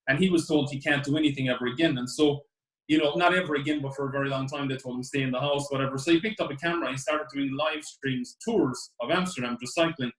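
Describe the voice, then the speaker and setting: A man's voice: fairly even intonation, fast. A man co-hosting a casual chat, talking in a rambling, enthusiastic way. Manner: rambling, enthusiastic, breaks into high laughs. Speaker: co-host. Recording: echoey room.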